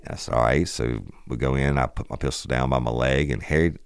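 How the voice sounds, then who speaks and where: Rumbling low and fairly quick with a clean tone, a middle-aged man hosts his podcast and recounts a police story. He tells it casually and animatedly, rambling and swearing, in a dry, studio-quality recording.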